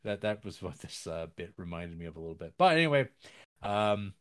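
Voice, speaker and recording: Man, low voice, casual podcast chat, rambling and halting, film recap. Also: big pitch swings, clean tone. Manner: rambling, halting with restarts and fillers. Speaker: podcast co-host.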